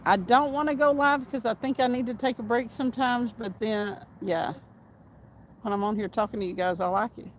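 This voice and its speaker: Lady chatting w her stream while fishing at night, kinda high voice, little bit of outdoor hiss. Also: a little fast, low-quality recording. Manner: chatty, reads chat aloud, laughs often. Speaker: fishing livestream host. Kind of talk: casual livestream chat reading comments.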